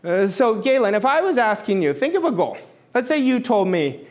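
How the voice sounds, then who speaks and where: A middle-aged man gives a motivational talk to an audience in a high, sing-song voice at normal speed. He's emphatic and blunt, repeating his points and swearing now and then.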